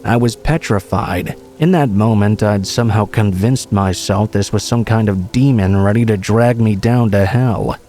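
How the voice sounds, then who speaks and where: A man with a lowish voice narrates scary stories in a steady, measured read. Soft music plays faintly underneath him throughout. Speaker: horror story narrator. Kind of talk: scripted horror narration.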